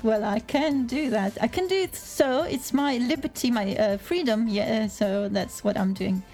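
A woman's voice: a little high, measured pace, dark tone, faint music behind. A woman calling in to a radio quiz, answering in a dry, hesitant, teasing way. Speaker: quiz caller. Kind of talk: casual on-air banter.

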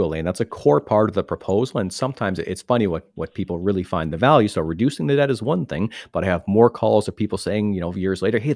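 Low-voiced guy walking you through debt stuff, calm, dry sound. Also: dry recording. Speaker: licensed insolvency trustee. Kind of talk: explanatory radio talk.

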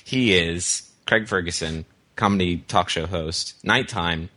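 A man's voice: sits low, a little slow, pushed and bright, dry recording. A man co-hosting a comedy podcast, spinning absurd bits in casual chat. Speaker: podcast co-host.

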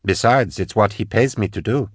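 A steady woman pilot from an audiobook speaks in a measured, matter-of-fact way, dry and caring, as a male narrator puts her on. Her lines come a little higher than the narrator's own low voice, close and without room sound. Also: slightly rough, no echo. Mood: wry.

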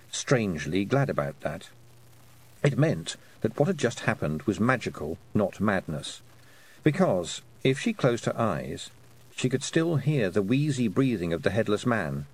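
A man narrating a children's fantasy audiobook, with an expressive storytelling delivery. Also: on the low side, breathy edge, low-quality recording. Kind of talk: scripted narration.

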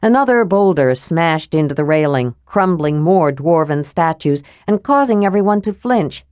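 Woman narrator, lower voice, dry close recording, measured fantasy audiobook read. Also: animated, a little mellow, no room sound.

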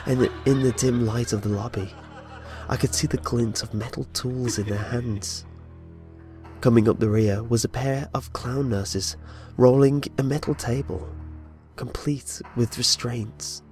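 A man's voice: mid-range voice, steady tone, a little slow, darkish tone. Male horror narrator, dramatic storytelling, light music bed. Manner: dramatic storytelling with voiced dialogue.

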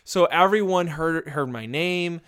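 Laughing man telling a lively story. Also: a little high, a little slow. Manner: laughing, animated storyteller who acts out quotes. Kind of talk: casual storytelling chat.

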